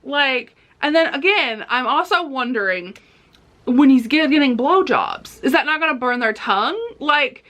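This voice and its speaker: A woman with a fairly high, bright voice reviews books in a casual vlog. She talks bluntly and with animation, speaking frankly about explicit material. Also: animated, measured pace. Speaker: book reviewer.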